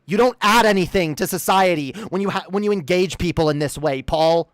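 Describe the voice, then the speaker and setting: A woman's voice: on the low side, a little fast, no echo, clean studio sound. A woman ranting in a commentary video, stammering and repeating words, swearing and indignant. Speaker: commentary streamer. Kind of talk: heated commentary rant.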